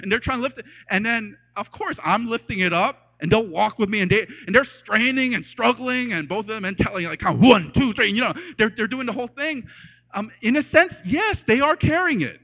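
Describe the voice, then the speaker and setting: A man preaching a casual, animated sermon as a pastor, telling stories and acting out voices with laughs. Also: high-pitched, a little fast. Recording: dull lo-fi sound.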